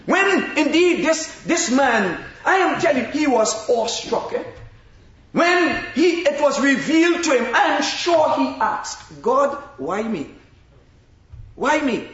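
A man preaching a sermon in a slow, emphatic way with long pauses. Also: very high voice, lively intonation, a bit bright. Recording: very echoey, dull-sounding room.

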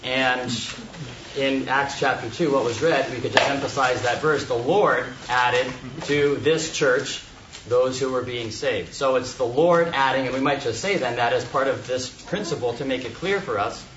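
A man giving unscripted Bible teaching at a meeting, in a measured, thoughtful way with frequent pauses and restarts. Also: mid-range voice. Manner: measured, thoughtful, with many hesitations. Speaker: Bible study speaker. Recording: echoey, distant, muffled, noisy room recording.

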